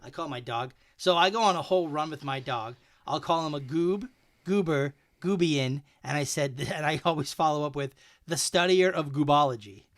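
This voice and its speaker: A man's voice: fairly high pitch, moderate pace, fairly bright tone, dry recording, studio quality. A man co-hosting a podcast, chatting casually and playfully reading out slang terms and their meanings. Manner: playful, reads slang terms and definitions aloud. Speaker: podcast co-host. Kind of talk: casual chat.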